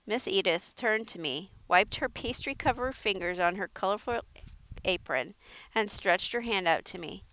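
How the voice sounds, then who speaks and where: A woman reading a children's story aloud in a clear, steady storytelling voice. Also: mid-range voice, moderate pace. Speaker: story reader. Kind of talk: audiobook narration.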